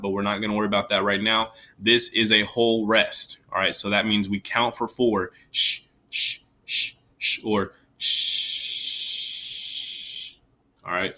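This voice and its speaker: An elementary music teacher with a lowish, sharp-toned voice gives young children a recorder lesson in a recorded online class. He's patient and encouraging, counting the beats aloud along with them.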